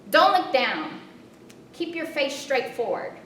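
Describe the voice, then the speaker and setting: A woman voicing an encouraging Hawaiian woman guiding a friend on a paddleboard, coaxing and matter-of-fact, recorded from a distance in a roomy space with a rumble behind. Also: lively intonation, normal speed, natural voice. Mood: yelling.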